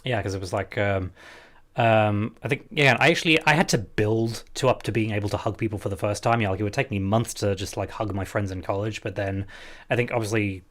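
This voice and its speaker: Young male interviewer with a lowish voice; candid and hesitant in casual chat. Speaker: host, interviewer. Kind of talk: casual video-call interview.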